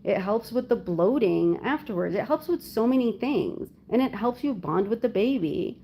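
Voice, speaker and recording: A woman's voice: on the high side, lively intonation, moderate pace, warm tone, slight background noise. A young adult woman hosting a casual live chat, telling a long personal story in a loose, rambling way full of "like" fillers. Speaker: livestream host talking with viewers.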